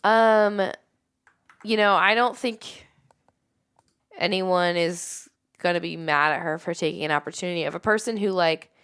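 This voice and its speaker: Female podcast co-host with a smooth, clear voice, relaxed casual delivery. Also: lowish voice, measured pace. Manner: relaxed, talks in loose run-on thoughts. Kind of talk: casual chat.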